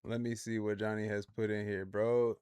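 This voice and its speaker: A man's voice: fairly low pitch, little pitch movement, normal speed, darkish tone, smooth, no echo, studio quality. A man hosting a react livestream in a laid-back, slangy way, laughing often as he chats with viewers. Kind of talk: casual livestream commentary.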